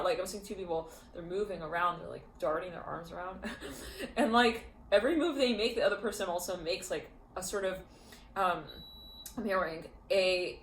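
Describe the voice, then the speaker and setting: Give me a chatty woman reading tarot in a roomy space, mid-pitched and giggly. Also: a little hiss or hum. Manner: chatty, many fillers, giggles often. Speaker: tarot reader. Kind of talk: casual spoken tarot reading.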